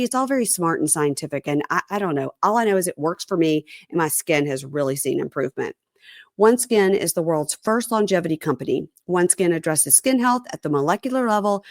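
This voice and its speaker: A chatty woman podcast host with a lower voice, talking casually and playfully to her listeners. Her voice is close and dry, with no room sound around it. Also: dry recording. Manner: chatty, playful, addresses listeners as "you guys". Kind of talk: casual reality TV podcast chat and host-read ad.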